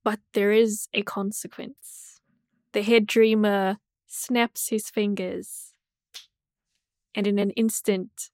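A woman game master narrating a tabletop game, quick and soft-spoken. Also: mid-range voice, flat delivery, soft background music.

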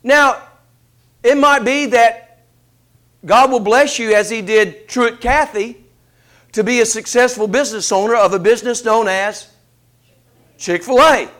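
A man preaching a sermon, asking rhetorical questions in an animated delivery. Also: very high-pitched, unhurried, long pauses.

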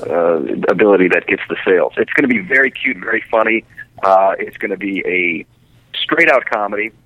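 A man talking casually on a radio show, making jokes at his own expense. His voice is low, bright and forceful, and the sound is dry and close. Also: dry recording, low-quality recording. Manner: joking, self-mocking. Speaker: caller, film director.

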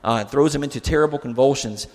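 A man's voice: medium pitch, fast talker, a little mellow. A male pastor giving a conversational sermon, putting rhetorical questions to his listeners. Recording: long hall reverb.

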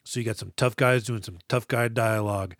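A man's voice: lowish voice, steady tone, brisk, fairly bright tone, no room sound, clean studio sound. A man co-hosting a movie podcast, chatting casually and sarcastically, swearing and acting out lines from the film. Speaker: podcast co-host. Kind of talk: casual movie-review chat.

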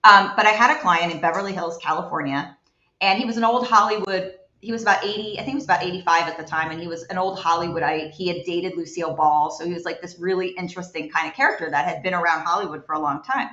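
A woman, a home environmental investigator, telling stories as a guest in an animated, chatty way with many fillers. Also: fairly low pitch, fast talker. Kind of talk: guest storytelling in a chat. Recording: roomy, dull lo-fi sound.

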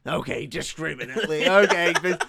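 A man's voice: fairly high pitch, lively intonation, a little fast, gravelly, a crowd in the background. A man co-hosting a casual comedy podcast, retelling a film's plot between bursts of laughter and frequent swearing. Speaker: podcast co-host. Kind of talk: casual comedic film recap chat.

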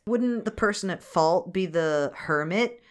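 A woman's voice: lowish voice, expressive, unhurried. A woman co-hosting a podcast, recapping a cartoon film in casual chat, laughing, swearing and acting out scenes in silly voices. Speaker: podcast co-host.

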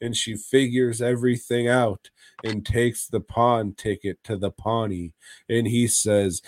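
A man's voice: medium pitch, fairly even intonation, a little slow, no echo. A man co-hosting a podcast, recapping stories in a crude, rambling, casual way. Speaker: podcast co-host.

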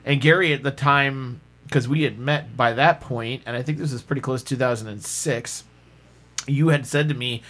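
Male podcast host, mid-pitched, self-deprecating storyteller who restarts sentences often. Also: moderate pace, a bit bright. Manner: rambling storytelling with frequent restarts. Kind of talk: casual podcast chat.

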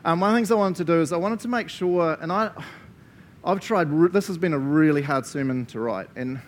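A man's voice: fairly high pitch, a little fast, a little hiss or hum. A man with a New Zealand accent preaching a casual sermon, joking and often laughing as he talks.

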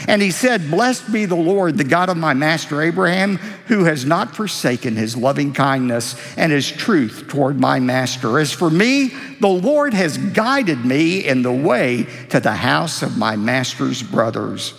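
A man preaching a sermon as pastor, with expressive, emphatic delivery that rises on key lines. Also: a little high, creaky. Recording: reverberant hall.

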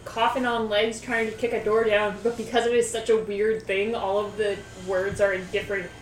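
A woman speaking as a player in a tabletop game, making quick jokes. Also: medium pitch, level tone, roomy sound, poor audio. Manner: joking, quick quips.

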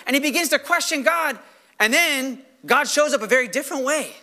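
A male pastor preaches animatedly at normal speed in a very high-pitched voice. He fires off rhetorical questions and acts out quoted voices.

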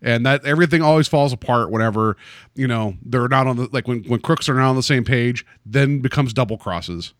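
A man's voice: medium pitch, fairly quick, no echo, clean studio sound. A man chatting casually about an episode, rambling with lots of "like" and "um". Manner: rambling, heavy use of "like" and "um". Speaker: podcast co-host. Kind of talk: casual chat.

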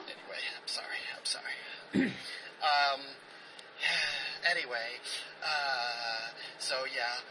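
A man playing an overemotional young woman who adores cats, rambling and halting until she breaks into sobbing laughter, heard as a clip played from a tablet. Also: mid-range voice, close to an everyday voice. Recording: loud noisy clip played from a tablet, far from the mic.

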